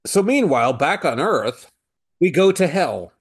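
A man's voice: on the high side, big pitch swings, unhurried, slightly rough. A man co-hosting a casual comic book podcast, making playful, ironic asides. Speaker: podcast co-host.

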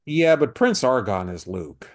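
Male co-host, mid-pitched and very lively, playful ironic asides, casual chat. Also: a little slow. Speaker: podcast co-host. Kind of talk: casual comic book discussion.

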